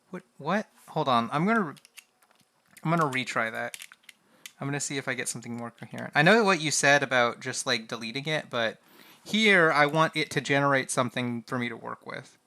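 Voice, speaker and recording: A man streaming a text adventure game, reading its lines aloud and reacting in an animated, swearing way. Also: medium pitch, normal speed.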